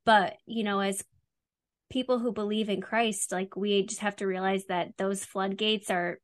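A woman's voice: mid-range voice, steady tone, unhurried, no echo. A woman with a mid-range voice hosts a faith podcast, recorded close with a dry sound. She speaks conversationally, reflecting back on what her guest shares and affirming it. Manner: warm, affirming, conversational questions. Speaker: podcast host.

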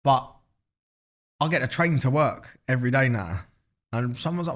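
A man's voice: mid-range voice, expressive, moderate pace. A man in his thirties with an Essex accent, talking casually and animatedly as a podcast guest, swearing freely and repeating himself. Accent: Essex English. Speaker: podcast guest, business founder. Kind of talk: casual interview chat.

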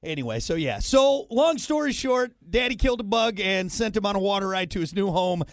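A man's voice: high-pitched, expressive, brisk, dry recording, studio quality. A man in his thirties hosting a morning radio show, telling a self-deprecating story full of fillers. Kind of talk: casual morning show banter. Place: radio studio. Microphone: studio microphone.

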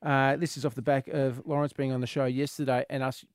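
A man with an Australian accent hosting a radio show, bantering and talking with callers, often getting excited. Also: brisk, no room sound, studio quality. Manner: excitable, goes high and loud when amused. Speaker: radio host. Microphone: studio microphone.

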